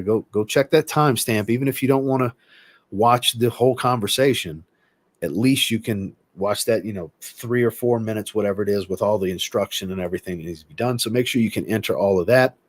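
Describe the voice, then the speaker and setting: A man hosting a livestream and chatting casually, reading viewer comments aloud and answering them in a relaxed, rambling way. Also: on the low side, dry recording. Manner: relaxed, rambling, with filler words. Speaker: host.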